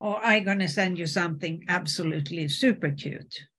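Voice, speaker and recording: A woman student in an online art class, talking over a video call. Her voice is husky and breathy, and she chats eagerly and casually. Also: lowish voice, moderate pace, a bit bright. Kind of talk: casual chat.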